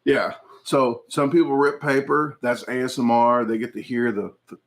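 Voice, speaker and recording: In a steady, mid-range voice at a moderate pace, a man runs a laid-back livestream on his channel. His talk meanders through viewer comments, peppered with jokes and laughs.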